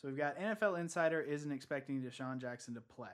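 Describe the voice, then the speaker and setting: A man co-hosting a casual fantasy football chat, opinionated and quick to argue his picks, laughing easily. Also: medium pitch. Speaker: podcast co-host.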